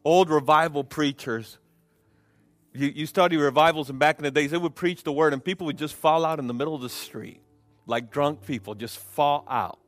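A man's voice: on the high side, moderate pace, no room sound, faint music behind. A man preaching a sermon and leading prayer at a church service, with fervent delivery, repeated phrases and frequent fillers. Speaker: pastor.

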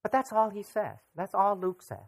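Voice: mid-range voice, very animated, moderate pace, creaky. Conversational pastor preaching a sermon. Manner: conversational, asks the audience rhetorical questions.

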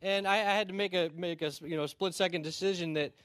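A male pastor preaching a sermon, telling stories in a conversational way with quick asides and restarts. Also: high voice, fairly even intonation, fairly bright tone, no echo. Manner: storytelling, conversational with quick asides and repeated starts.

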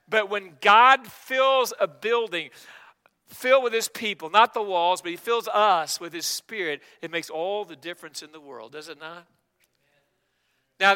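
A man's voice: high-pitched, pushed and bright, smooth, long reverb tail. A man preaching a sermon as pastor, emphatic and calling out to his congregation for responses. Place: church sanctuary.

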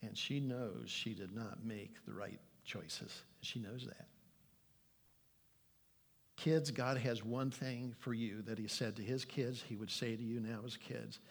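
An older man delivers a sermon in an earnest, pleading way. He reads scripture aloud with heavy emphasis, in a voice of ordinary pitch for a man. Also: fairly even intonation, takes it slowly, vocal fry. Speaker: pastor.

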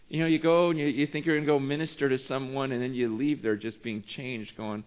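A male pastor preaches a story sermon, moving between hushed, quiet moments and fired-up passages. His voice sits a touch high for a man. The recording is narrow and tinny, as if heard over a phone. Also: normal speed, long reverb tail.

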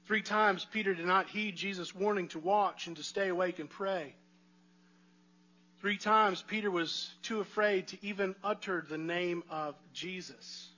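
In a slightly muffled, lo-fi recording, a pastor delivers a conversational sermon a little slowly. His voice is high, bright, and forward, and he regularly asks the congregation rhetorical questions.

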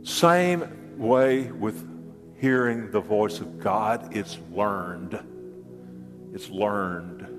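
An older man preaching a sermon as pastor, animated and joking, often repeating his words and leaping up in pitch for asides. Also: drawn-out words, big-room sound, music in the background.

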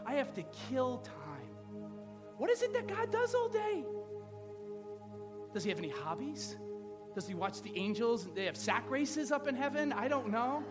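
A man with a very high voice preaches a sermon in a casual, joking way, firing off rhetorical questions at the congregation. His voice rings through a large hall with a long reverb tail. Music plays clearly underneath. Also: big pitch swings, moderate pace, pauses often. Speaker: pastor. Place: church sanctuary.

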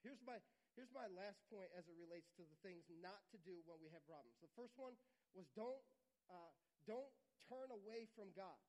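A man preaching a sermon, earnest and repetitive, sometimes dropping to a quiet, intimate tone. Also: high-pitched, animated, normal speed, low-quality recording. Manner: earnest, repeats phrases for emphasis, drops to quiet intimate tones. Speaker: pastor.

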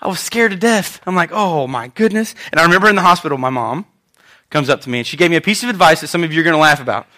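A man in his thirties, a pastor giving a conversational Mother's Day sermon, animated and prone to repeating himself. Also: fairly high pitch, very fast.

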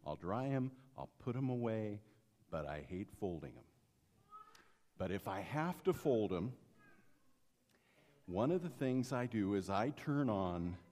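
A pastor giving a sermon to a congregation, telling stories, acting out the people in them and joking with the room. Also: male voice, lowish voice, darkish tone. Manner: storytelling, acts out characters, jokes with congregation. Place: church sanctuary. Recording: long hall reverb.

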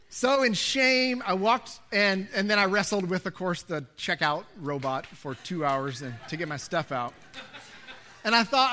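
A middle-aged man preaching a sermon, telling a personal story in an animated way, going from loud to hushed. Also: sits high, normal speed, slight background noise. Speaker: pastor.

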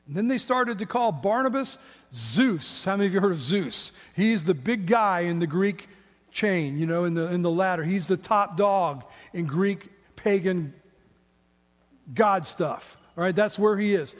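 A man's voice: high voice, moderate pace. A middle-aged man preaching a sermon as a pastor, talking conversationally and asking the congregation rhetorical questions with casual asides. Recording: long reverb of a large hall.

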